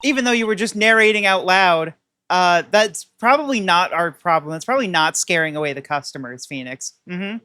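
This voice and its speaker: A woman's voice: on the low side, lively intonation, brisk, sharp tone, clear, resonant tone, no echo, studio quality. A woman streamer giving casual game commentary with wry, chatty, sarcastic asides. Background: faint game music.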